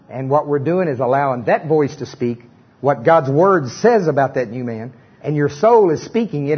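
Husky middle-aged male preacher, fairly high voice, dull lo-fi church recording, lively call-and-response. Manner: animated, joking asides, leads congregation in repetition.

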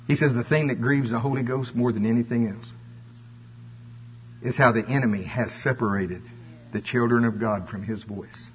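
A man preaching a conversational sermon, telling stories in a folksy, animated way. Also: medium pitch, a little hiss or hum. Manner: folksy, animated storytelling with voiced asides. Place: church. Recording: dull lo-fi church recording.

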